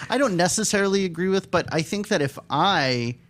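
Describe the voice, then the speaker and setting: A man's voice: high-pitched, lively intonation, brisk, a bit bright. A man who does stand-up comedy, talking in an earnest, reflective way in a casual studio podcast chat.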